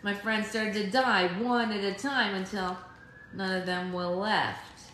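A woman's voice: medium pitch, steady tone, unhurried, fairly bright tone, echoey room, a little hiss or hum, close to an everyday voice. A woman reading aloud, voicing a wry, worldly old woman who talks in a drawling, salty way. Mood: wistful.

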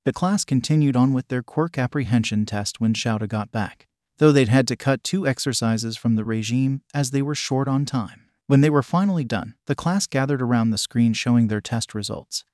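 A man's voice: mid-range voice, moderate pace, darkish tone, dry recording, clean studio sound. A man steadily reading a fan story aloud as narrator.

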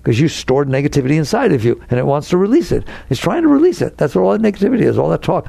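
A man giving an inspirational talk as a spiritual teacher, animated and acting out anxious inner voices. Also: fairly high pitch, very fast, gravelly, hardly any pauses, slightly rough, dry recording.

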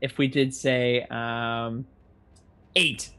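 A man's voice: mid-range voice, little pitch movement, drawn-out words, pushed and bright, smooth. A man playing a tabletop game, talking casually with hesitant, stumbling phrasing. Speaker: player.

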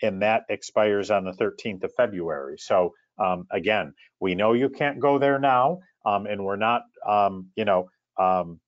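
Male webcast host, lowish voice, friendly and halting, dry, dull lo-fi sound. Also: no room sound. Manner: friendly, with frequent uh and um fillers. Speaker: webcast host, travel director. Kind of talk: casual webinar presentation.

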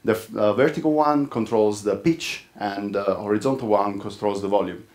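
A man's voice: fairly low pitch, fairly even intonation, normal speed, darkish tone. A man from Italy with an Italian accent, speaking at a conference in an informal way with frequent fillers. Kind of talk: tech conference talk.

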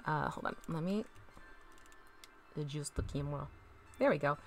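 A chatty, upbeat woman with a slightly low voice, hosting a casual crafting live stream. She talks along as she paints and greets her viewers by name. She sounds middle-aged. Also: normal speed, soft background music. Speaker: crafting channel host.

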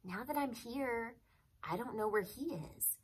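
A woman reading a novel aloud, voicing an eager, stubborn young boy in a high, excited voice. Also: measured pace, breathy edge. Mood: worried whisper.

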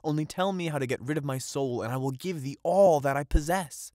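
A man's voice: mid-range voice, moderate pace, no echo, studio quality, natural voice. A man voicing an eager, naive young fisherman in an audiobook, raising his voice a little and talking earnestly.

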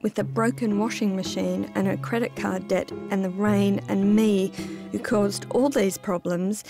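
Gravelly woman reading her memoir. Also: medium pitch, fairly even intonation, measured pace, over music. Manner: intimate, reflective, first-person telling. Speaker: memoir narrator. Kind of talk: scripted personal memoir narration.

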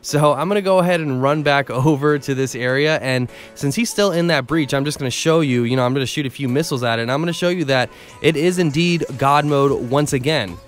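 A man's voice: fairly high pitch, a little fast. Man, gaming channel voice-over, rambling, laid-back, fillers, faint background music. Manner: chatty, rambling with fillers, laughs at himself. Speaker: gaming YouTuber. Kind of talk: casual game tutorial voice-over.

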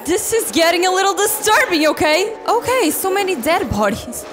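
High, lively young woman playing a game. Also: moderate pace. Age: 20s. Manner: reactive, exclaiming and swearing at the game. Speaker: gaming video creator. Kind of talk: let's play commentary. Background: game music.

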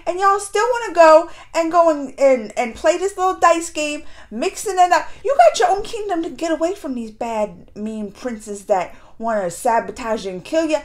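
A woman with a high-pitched voice hosts a casual reaction video. She retells scenes with animated exasperation, laughing often.

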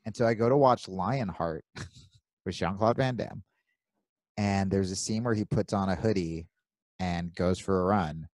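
A man from New Jersey co-hosting a podcast, telling animated stories with plenty of swearing and acting out his own inner voice. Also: low voice, a little slow, no room sound. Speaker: podcast co-host. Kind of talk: casual chat.

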